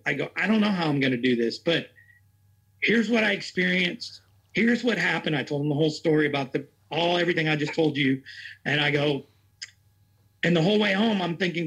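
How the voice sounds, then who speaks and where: A man's voice: on the high side, moderate pace, fairly bright tone, slightly rough. A man working as a racing chaplain, telling his story in an interview in a rambling, earnest way and acting out what others said. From Tennessee.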